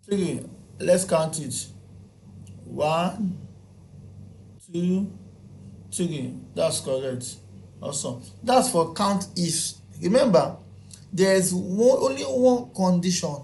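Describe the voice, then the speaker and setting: A man's voice: high-pitched, expressive, extremely slow, gravelly, long pauses, a little mellow, a little hiss or hum. A man teaching a spreadsheet tutorial. He counts items aloud one by one, repeats his key points and answers his own questions. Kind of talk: screen-recorded software tutorial.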